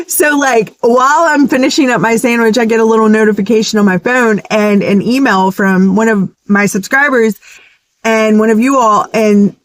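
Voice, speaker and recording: Woman, fairly high voice, earnest and emotional, casual faith vlog, dry close sound. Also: no echo. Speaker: ministry vlogger.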